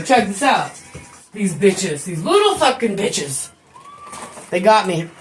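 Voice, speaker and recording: A woman streamer chatting casually to her viewers, laughing often and swearing freely as she tells stories. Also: mid-range voice. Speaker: live streamer. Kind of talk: casual chat on a live stream.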